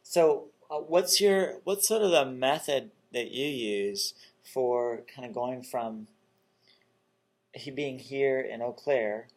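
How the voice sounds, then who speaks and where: A man hosting an interview, relaxed and chatty, with joking asides. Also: mid-range voice, slow. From North Carolina. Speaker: interview host.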